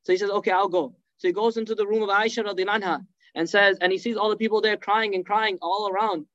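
A man's voice: sits high, steady tone, fast talker, a bit bright, no room sound, muffled recording. A man preaching a sermon, retelling a sacred story fervently, acting out quotes and weaving in Arabic phrases. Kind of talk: emotional religious storytelling lecture.

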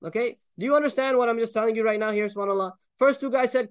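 A man preaching a sermon, explaining Quran verses with Arabic recitation, animated and joking as he acts out the people in the story. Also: extremely high pitch, racing, few pauses. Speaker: Islamic preacher.

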